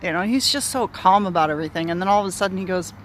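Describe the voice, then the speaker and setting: A woman tells a personal story outdoors near bushes in an urban area, candid and rambling, swearing freely and circling back on herself in casual spoken storytelling. Her voice is on the low side and rapid-fire, with a little hiss or hum.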